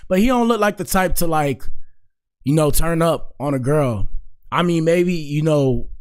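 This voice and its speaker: A man's voice: fairly high pitch, expressive, a little slow, smooth. A man hosting a podcast, rambling in casual commentary with lots of "like" and "you know", then lecturing his listeners earnestly. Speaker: podcast host.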